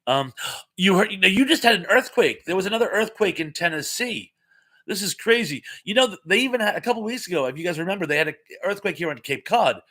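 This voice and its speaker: A man's voice: high-pitched, animated, quick pace, sharp tone. A middle-aged man hosting a casual live chat from home, a rambling storyteller who repeats words and restarts. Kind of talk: casual live-stream chat reading viewer comments.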